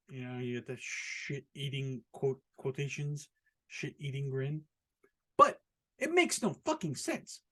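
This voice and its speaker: An American man hosting a casual solo podcast, rambling and profane, with an incredulous tone and frequent laughs at his own jokes. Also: on the high side. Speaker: podcast host. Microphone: podcast microphone, also filmed.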